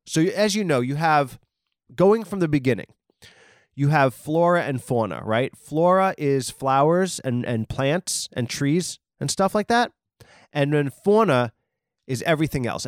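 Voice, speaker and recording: A man's voice: medium pitch, no echo, studio quality. Rambling man with absurd mock-serious riffs. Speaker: podcast host. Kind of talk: rambling comedic monologue.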